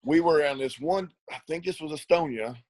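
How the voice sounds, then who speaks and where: A man's voice: a little high, moderate pace, darkish tone, no echo, low-quality recording. A middle-aged man, an ATV racer, telling rambling stories in a casual interview, laughing often and repeating words. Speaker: ATV racer and riding school coach.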